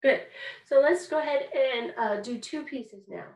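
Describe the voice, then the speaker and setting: High, upbeat woman teaching kids music. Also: a little slow, a little mellow. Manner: cheerful, encouraging, speaks simply to small children. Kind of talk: online music lesson for young children.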